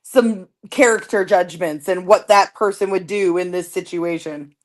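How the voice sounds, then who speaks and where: A woman's voice: fairly low pitch, a little slow. A woman guest researcher in a casual true-crime chat, rambling with many filler words.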